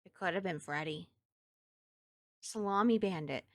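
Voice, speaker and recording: Lively Southern-accented woman streamer. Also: mid-range voice, measured pace, dry recording, studio quality. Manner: chatty, thinks aloud and talks to chat. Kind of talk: casual gameplay chat with viewers.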